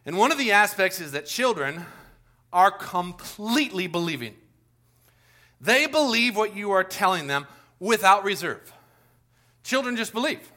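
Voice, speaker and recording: A man in his forties preaching a casual, story-driven sermon as pastor, acting out the voices in his anecdotes with big swings in pitch. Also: big pitch swings, measured pace, pauses often, sharp tone. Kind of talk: conversational sermon.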